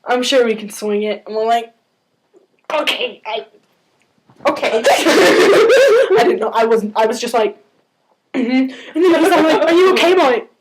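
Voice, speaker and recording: A teenage girl telling an excited, gushing story and often breaking into giggles. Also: high-pitched. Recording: noisy home video.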